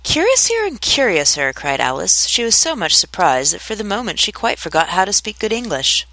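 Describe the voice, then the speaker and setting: Bright, expressive woman narrator. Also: lowish voice, no echo. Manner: expressive, measured reading. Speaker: audiobook narrator. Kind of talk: scripted storybook narration.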